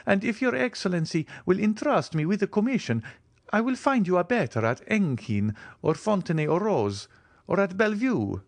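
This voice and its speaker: A man voicing a nervous male servant who talks haltingly and eagerly. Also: high-pitched, lively intonation, no echo, voice pushed up. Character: nervous, faltering adult male steward.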